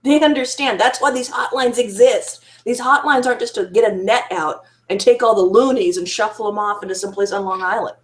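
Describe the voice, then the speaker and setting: A woman talks straight to the camera about hard things in her own life. She is frank and self-critical, her words come in halting restarts, and she laughs now and then. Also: medium pitch. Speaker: survivor sharing her story. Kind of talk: candid personal monologue to camera.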